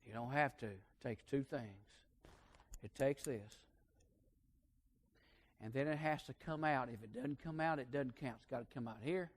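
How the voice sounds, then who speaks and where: A man preaching a sermon, telling a folksy story and swinging between hushed and loud emphasis. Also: mid-range voice, measured pace, pauses often.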